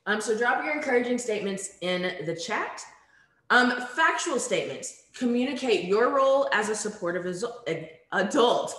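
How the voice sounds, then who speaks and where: A woman's voice: fairly high pitch, expressive, normal speed, a bit bright. Chatty woman trainer in an echoey room. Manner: conversational, friendly, many ums. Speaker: workshop facilitator. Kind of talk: virtual conference training talk. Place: home room. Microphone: video call.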